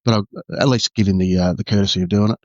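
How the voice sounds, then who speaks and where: A low-pitched Australian man tells his story candidly, stumbling through restarts and fillers. His voice sits dry and close. The recording is dull and lo-fi. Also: steady tone, no room sound. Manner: halting, full of "you know" and restarts. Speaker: guest, former undercover detective.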